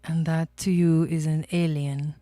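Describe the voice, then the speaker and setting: A woman's voice: low voice, level tone, a little slow, dark tone, dry recording. A woman doing casual livestream astrology and tarot readings, chatty, laughing often and talking to her viewers by name.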